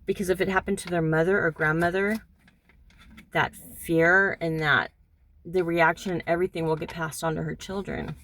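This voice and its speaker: A middle-aged woman speaks in a low, gravelly voice, halting and reflective, with frequent pauses and fillers. She records a personal monologue from her car, and a faint noise sits behind her. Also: steady tone, a bit bright. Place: in a hot car.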